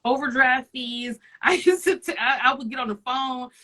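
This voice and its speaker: A woman in her thirties talks openly as a guest, in a lively, confessional way. Her voice is bright and forward, and it sits a little high for a woman. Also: normal speed, rough recording. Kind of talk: casual chat.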